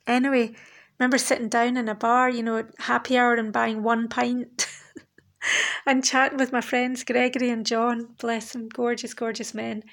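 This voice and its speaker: A woman's voice: a little high, little pitch movement, measured pace, fairly bright tone. A woman, talking alone on her podcast in a candid, rambling, reflective way, swearing now and then. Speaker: podcast host. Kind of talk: reflective solo podcast monologue.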